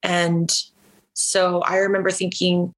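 Taking her time, a lowish-voiced woman from Northern California tells a personal story as a podcast guest, speaking in a level tone. She's chatty, laughs easily, and leans on "like," all captured in poor audio.

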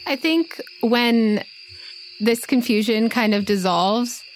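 A woman narrating as game master of a tabletop game, with lively, laughing descriptions. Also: a little high, slow pace, slight background noise, low-quality recording.

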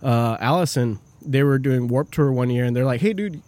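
A man in the guest seat spins casual stories, loose and animated, with swearing in nearly every line. His middle-pitched voice sounds dry and close, with no room around it. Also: moderate pace, no echo. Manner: profane, animated storytelling. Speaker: podcast guest. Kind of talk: casual chat.

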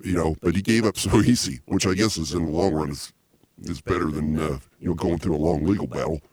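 A man with a very deep, husky voice hosts a comedy podcast. He rambles excitedly and keeps restarting his sentences. The sound is dry and close. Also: fairly quick, dry recording. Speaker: podcast host.

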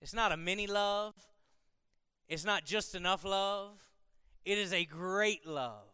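A man's voice: sits high, slow pace, pushed and bright, clean tone, no echo, clean studio sound, big-room sound. A man preaching a conversational sermon to a congregation, moving from casual asides to emphatic, repeated lines. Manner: conversational, building to emphatic repetition. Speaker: pastor.

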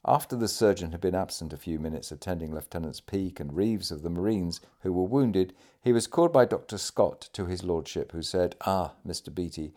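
A man reading a historical account aloud in a measured, formal way. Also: deep voice, dark tone. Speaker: audiobook reader.

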